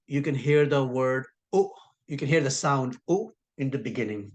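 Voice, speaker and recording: A man teaching a recorded lesson who patiently repeats key sounds and draws words out slowly for emphasis. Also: medium pitch. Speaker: Arabic teacher.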